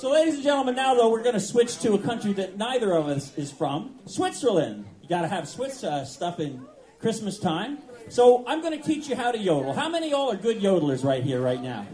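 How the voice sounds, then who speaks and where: High-voiced energetic man emceeing a concert. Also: a little fast. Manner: energetic, playful, leads the crowd. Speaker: singer and emcee. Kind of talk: live stage banter with crowd. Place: club concert stage. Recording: live concert recording, loud band. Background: live band music.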